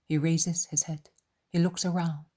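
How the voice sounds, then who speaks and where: A woman narrating an audiobook in a soft, hushed, mostly whispered voice. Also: low-pitched, little pitch movement, measured pace. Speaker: audiobook reader.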